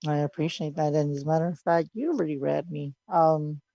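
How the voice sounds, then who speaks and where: Gravelly radio host, low-fi sound. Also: a little fast, no room sound, highs cut off. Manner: relaxed, brief agreeing replies. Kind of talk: phone-in radio interview.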